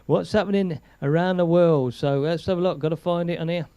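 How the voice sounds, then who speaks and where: An Englishman hosts a casual live stream, chatting, rambling, laughing often and reading viewer comments aloud. His voice is a little high, brisk, dark and clean, recorded dry.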